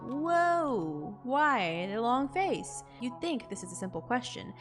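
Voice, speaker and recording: Higher-voiced woman reading game text, jokey. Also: takes it slowly, over music. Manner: expressive, jokey, swings into loud disbelief. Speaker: gaming content creator. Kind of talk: reading game text aloud with reactive commentary.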